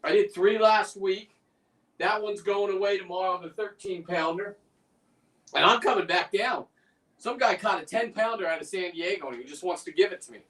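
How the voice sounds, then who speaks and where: A man's voice: high voice, normal speed, a bit bright, recorded from a distance. A man in casual chat, rambling and talking through a demonstration as he works. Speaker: guest on a fishing livestream, lobster preparer. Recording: away from the mic.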